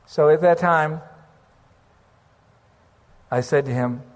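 Male preacher, earnest storyteller, lightly raised pitch, long hall reverb. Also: takes it slowly. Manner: earnest storytelling, slips into praying aloud. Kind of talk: sermon testimony.

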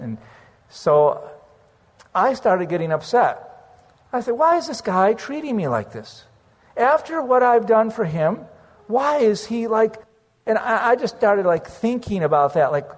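Male preacher, earnest storyteller, lightly raised pitch, long hall reverb. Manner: earnest storytelling, slips into praying aloud. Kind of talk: sermon testimony.

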